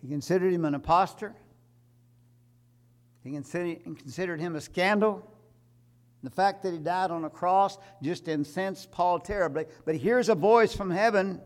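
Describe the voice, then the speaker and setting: A man preaching a sermon, emphatic, building to loud repeated climaxes. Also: sits high, normal speed.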